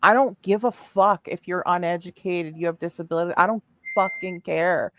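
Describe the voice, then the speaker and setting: A woman's voice: lowish voice, steady tone, normal speed, fairly bright tone, no echo, muffled recording. Furious, swearing woman on a livestream. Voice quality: furious, heavily profane. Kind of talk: heated livestream callout.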